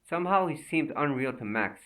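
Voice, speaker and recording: A man narrating a thriller audiobook in a steady, measured reading. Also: on the high side, far from the mic, poor audio.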